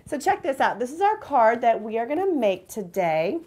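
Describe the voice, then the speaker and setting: A woman's voice: a little high, sing-song, normal speed, darkish tone, a little hiss or hum. A woman hosting a card-making tutorial, bubbly and enthusiastic, chatting to her viewers. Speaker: crafting channel host.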